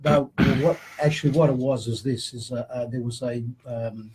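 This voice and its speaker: A man's voice: medium pitch, steady tone, moderate pace, a little mellow, a little hiss or hum, poor audio. A man who builds guitars, a guest on a casual talk show, who speaks hesitantly with many fillers.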